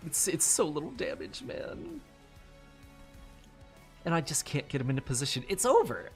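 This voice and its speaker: A man's voice: fairly high pitch, huge pitch swings, fairly quick, over music. A man giving casual let's-play commentary on a card game, swearing often and laughing at his own mistakes in frustration. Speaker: gamer playing a card game.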